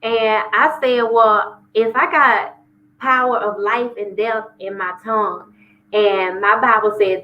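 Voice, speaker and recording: Woman guest, lively storyteller, candid testimony, a bit lo-fi. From Memphis, Tennessee. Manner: animated storyteller, acts out dialogue with lively pitch jumps. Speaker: guest singer sharing her story.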